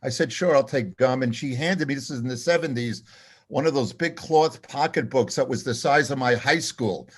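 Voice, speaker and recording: An older man, a comedy writer, telling an animated, self-deprecating anecdote and acting out the dialogue. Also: medium pitch, moderate pace, husky. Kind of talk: storytelling anecdote.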